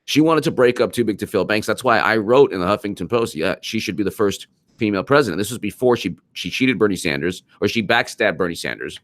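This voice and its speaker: A man's voice: fairly low pitch, animated, quick pace, no room sound. A man hosting a live-stream political commentary show, talking emphatically, repeating himself and answering viewers' comments. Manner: emphatic, repeats himself, reads super chats aloud.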